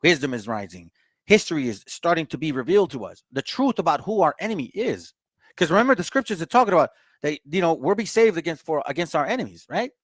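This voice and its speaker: A laid-back man leading a casual Bible study, reading verses aloud and then unpacking them in plain talk for his listeners, whom he calls family. His voice sits a little high. The sound is close and dry. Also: sing-song, quick pace, no room sound. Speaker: Bible teacher.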